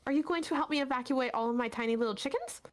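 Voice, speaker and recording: A shrill, fussy woman who guards her chickens, shooing strangers off in a squeaky voice that jumps high, as a woman puts her on. She sounds like a tabletop game figure. Her voice sits far above the one the woman plays her with. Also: rapid-fire, close to an everyday voice. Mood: indignant. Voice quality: shrill, scolding.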